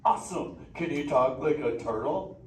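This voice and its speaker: A man's voice: a little high, lively intonation, moderate pace, natural voice. Crush, a man playing a stoked surfer turtle. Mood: teasing. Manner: surfer slang, playful, joking with kids. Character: laid-back surfer sea turtle dude, male. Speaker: live show character chatting with audience. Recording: echoey theater from far off, loud audience noise.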